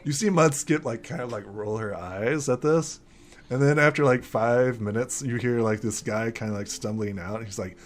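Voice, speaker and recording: A man's voice: mid-range voice, moderate pace, slight background noise. A young man narrating as game master in a tabletop game, rambling with many fillers.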